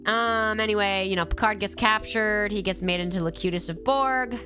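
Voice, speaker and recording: A woman's voice: mid-range voice, normal speed, few pauses, pushed and bright, faint music behind. A woman with a cold, tired and rambling casually on a live stream, swearing freely and answering her chat as she goes.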